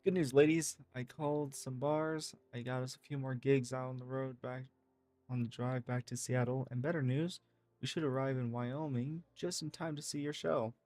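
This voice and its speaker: A man's voice: medium pitch, steady tone, normal speed, a little mellow, no echo. Man reading game messages, dry sound. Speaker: gaming streamer.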